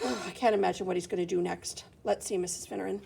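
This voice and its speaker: A woman reading a picture book aloud to children in an animated, exclaiming teacher's manner, pausing to talk about the pictures. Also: lowish voice, gravelly, slight background noise. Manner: animated, exclaiming, talks to a helper. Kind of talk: expressive read-aloud for kids.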